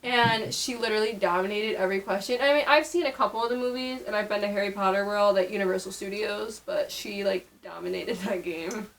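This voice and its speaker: A woman's voice: mid-range voice, a little fast, hardly any pauses, a bit bright, a little hiss or hum, low-quality recording. A young woman from upstate New York with a New York accent, chatting casually on her video with lots of fillers. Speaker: vlogger. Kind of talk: casual chat.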